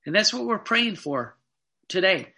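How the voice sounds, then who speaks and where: A Catholic preacher with a high, bright, forceful voice reads devotional passages aloud and explains them in plain, earnest asides. He speaks a little slowly, with a creaky quality and big swings in pitch.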